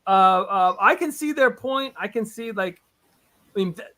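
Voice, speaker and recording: A man with a high, bright voice talks casually as an interview guest. He tells his stories with animated energy and breaks into laughing exclamations. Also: measured pace. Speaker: comic book writer, guest.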